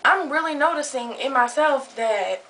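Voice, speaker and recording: A woman's voice: high voice, expressive, moderate pace, background noise. A young woman telling a heated story into her camera, agitated and swearing a lot. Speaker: vlogger. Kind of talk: casual vlog storytelling. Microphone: camera close up.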